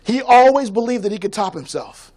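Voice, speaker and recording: High-voiced rousing male keynote speaker. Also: lively intonation, a little fast, darkish tone. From Tampa, Florida. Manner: rousing call-and-response, rhythmic preacher-like cadence. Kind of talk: energetic motivational keynote. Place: conference stage before a live audience.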